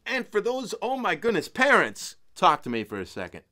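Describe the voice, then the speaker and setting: A man hosting a casual weekly live stream from home as a polka band leader, talking in an upbeat, playful way with sudden jumps in pitch and loudness. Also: wildly swooping pitch, normal speed.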